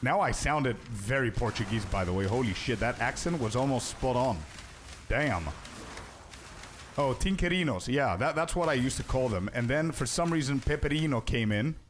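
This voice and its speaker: A young man streaming a game in a casual, chatty way, answering viewers' questions and calling them "bro". His voice sits at a middle pitch. A faint hiss of noise stays behind him. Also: animated, normal speed. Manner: chatty, answers chat, says "bro" often. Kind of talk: casual live-stream chat.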